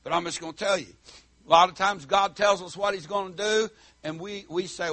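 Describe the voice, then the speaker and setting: Preacher guy whooping n shouting, then going real quiet, dry close sound. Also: high voice, a little fast, no room sound. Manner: shouting, whooping, swinging from loud to soft. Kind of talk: fiery country sermon.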